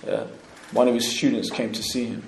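A man's voice: medium pitch, a little fast, vocal fry, slight background noise. A man teaching an informal religious lesson in a loose, conversational way, often stopping to ask whether listeners follow. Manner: keeps checking understanding with tag questions. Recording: echoey room.

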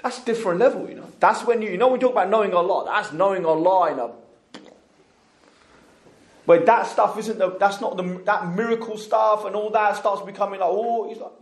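A man's voice: sits high, steady tone, brisk. A man teaching an informal religious lesson in a loose, conversational way, often stopping to ask whether listeners follow. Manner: keeps checking understanding with tag questions. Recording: echoey room.

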